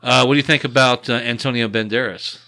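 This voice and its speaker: Crude, joking man with a bright voice. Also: medium pitch, steady tone, quick pace, gravelly, no echo. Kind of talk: crude casual banter.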